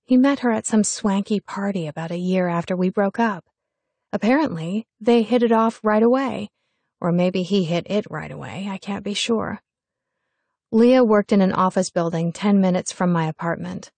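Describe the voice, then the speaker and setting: A woman's voice: medium pitch, normal speed, a little mellow, dry recording. A woman narrating a novel in the first person, with a mid-range voice and a wry, sardonic delivery. The sound is dry and close, with no room around it. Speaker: audiobook narrator.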